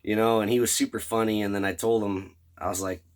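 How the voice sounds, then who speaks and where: A man with a lowish voice tells a long, rambling story straight to camera. He swears constantly and sounds enthusiastic and loose, like he is chatting with regular viewers. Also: fairly even intonation, fast talker. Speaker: vlogger. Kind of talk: casual storytelling about a fan convention.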